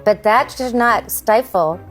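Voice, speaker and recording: A woman's voice: a little high, slow pace, faint music behind. A woman making pointed, challenging remarks in a TV panel debate.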